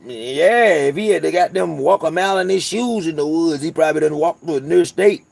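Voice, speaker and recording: A man's voice: on the high side, normal speed, gravelly, darkish tone. A man from North Carolina with a Southern accent, chatting casually and profanely to his viewers as host of his channel, rambling through stories. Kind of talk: casual livestream chat.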